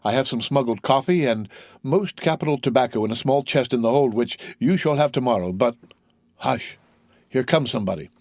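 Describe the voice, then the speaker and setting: An earnest young sailor and devoted son, played by a man reading aloud, raised a little above the reader's normal voice. He speaks with open feeling and a wide, animated pitch in this audiobook, recorded with a dry, close sound. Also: brisk, no room sound, lightly acted. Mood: polite. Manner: earnest and emotional.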